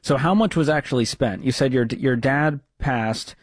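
A man's voice: medium pitch, moderate pace, dry recording, studio quality. A man hosting an advice talk radio show, direct and reassuring with callers. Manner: direct, reassuring, recaps the story.

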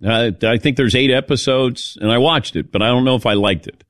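A man's voice: brisk, no echo, clean studio sound. A man hosting a radio talk show, telling stories in casual chat and mimicking people in a raised voice. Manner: animated storyteller, mimics people in higher voice.

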